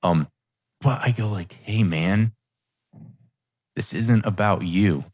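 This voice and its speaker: A man hosting a coaching podcast shares a personal story candidly and reflectively, quoting his own thoughts in earnest conversation. His voice is lowish, a little mellow and slow, recorded cleanly in a studio with no echo.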